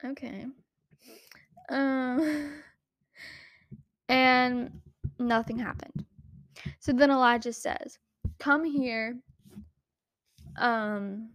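A woman's voice: a little high, steady tone, very slow, long pauses, no echo. A woman hosting a podcast, talking casually about a Bible story, chatty and giggly, with lots of "like" fillers. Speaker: podcast host.

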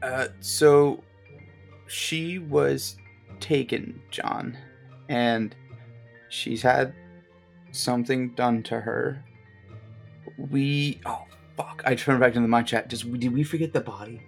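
Gravelly-voiced man playing a tabletop game. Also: mid-range voice, steady tone, takes it slowly, pauses often, faint music behind. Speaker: player. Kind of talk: casual tabletop game play.

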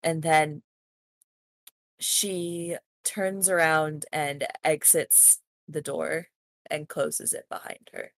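A woman's voice: deep voice, flat delivery, extremely slow, dry recording. A woman playing in a tabletop game, describing her character's actions hesitantly with many fillers. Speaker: player.

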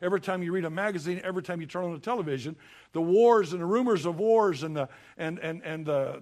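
Folksy preacher, higher voice. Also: male voice. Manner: folksy, emphatic preaching with sudden loud bursts. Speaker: pastor. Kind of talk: sermon.

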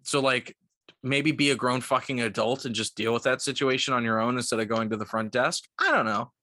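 A man's voice: medium pitch, a little fast, dry recording, studio quality. A young man in his twenties, a podcast co-host telling a story in a casual, profane way, full of "like". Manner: profane, animated, lots of "like".

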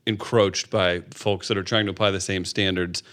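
A man's voice: low voice, flat delivery, a bit bright. Easygoing male radio host. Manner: easygoing, laughs often, some filler pauses. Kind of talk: on-air interview and promo reads.

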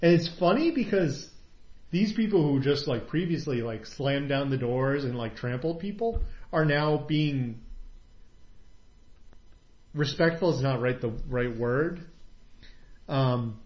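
A man's voice: mid-range voice, expressive, slow pace, long pauses. A man in an easygoing conversation, wandering through a retelling with frequent fillers and restarts. The room is echoey, and the recording sounds dull and lo-fi. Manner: rambling retelling with many fillers, quoting characters. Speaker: podcast co-host recapping a TV episode. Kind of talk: casual chat.

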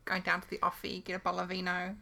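Gravelly dry-humored woman co-host. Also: lowish voice, monotone, rapid-fire, pushed and bright. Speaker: podcast co-host. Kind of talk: casual chat.

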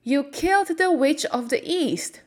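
A woman voicing a kind little old woman who is a good witch, speaking gently, slowly and clearly. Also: high-pitched, animated, voice pushed up. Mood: kindly. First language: Slovak.

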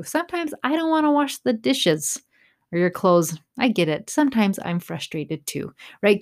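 Encouraging woman podcast host. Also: on the high side. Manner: encouraging, repeats "right?" often. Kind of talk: motivational podcast talk.

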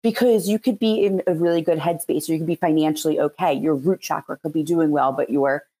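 Warm and steady, this woman's low voice moves fairly quickly. She has a Philadelphia accent and practices Reiki, and as a podcast guest she explains things in a loose, rambling way during casual interview chat.

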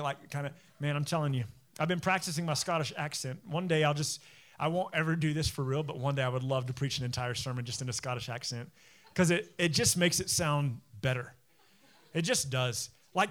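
Male pastor, sermon, chatty asides, high pitch, bright tone. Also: fairly quick. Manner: conversational, joking asides; explains word meanings.

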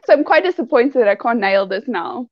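A woman's voice: fairly high pitch, animated, moderate pace, dry recording, muffled recording. A woman who is a pageant titleholder, a guest in casual chat, giggly and playful on a video call.

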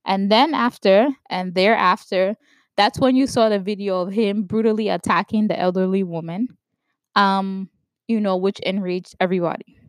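A woman from New York giving opinion commentary, stressing words slowly and checking in with "right?". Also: medium pitch, fairly even intonation, dry recording. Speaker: vlogger commenting on news.

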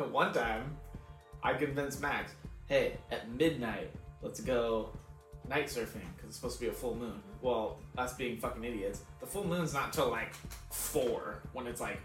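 A man's voice: mid-range voice, a little slow, fairly bright tone. A young adult man, a podcast co-host, telling a casual story, laughing often, swearing and acting out his own lines. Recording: echoey room, far from mic, faint music.

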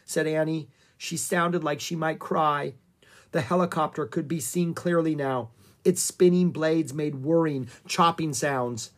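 A reader narrating a children's chapter book aloud with expressive storytelling. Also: mid-range voice, normal speed. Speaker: audiobook narrator.

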